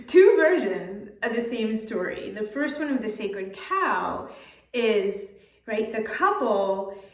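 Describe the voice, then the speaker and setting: A woman life coach telling stories and giving advice in a casual manner, often checking in with "right?". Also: mid-range voice. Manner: casual, keeps asking "right?". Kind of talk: storytelling and coaching talk. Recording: roomy echo, distant mic.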